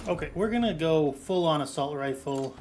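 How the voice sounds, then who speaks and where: A young man with a slightly high voice gives casual gameplay commentary, cracking jokes and swearing as he banters with the characters on screen. A steady hiss of background noise runs under his voice. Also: normal speed. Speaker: gameplay streamer.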